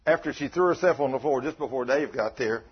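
A man, a pastor telling a folksy, animated story in a sermon, on a dull lo-fi recording. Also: mid-range voice, fairly quick, slightly rough.

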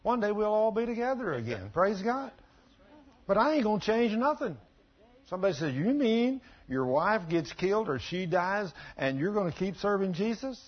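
A middle-aged man preaching a sermon, telling folksy stories and swinging from quiet asides to loud emphatic bursts. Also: high voice, very animated, normal speed, breathy edge. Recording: dull lo-fi church recording.

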